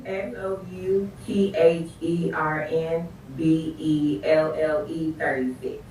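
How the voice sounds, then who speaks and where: A woman's voice: low voice, fairly even intonation, slow pace, a little mellow. A woman in her thirties, a dating show guest, answering politely and briefly. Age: 30s. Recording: echoey, distant, faint noise.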